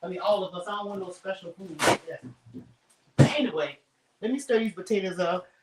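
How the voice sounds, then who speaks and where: A woman's voice: medium pitch, a little fast, recorded from a distance, very noisy. A middle-aged woman hosting a casual cooking livestream from her home kitchen, chatting straight to her viewers with lots of asides. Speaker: home cook livestream host.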